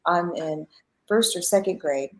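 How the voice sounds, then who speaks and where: Animated middle-aged woman telling stories. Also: lowish voice, unhurried, poor audio. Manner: animated storyteller who acts out quoted dialogue and laughs often. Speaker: spiritual teacher guest. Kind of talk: personal storytelling in a live interview.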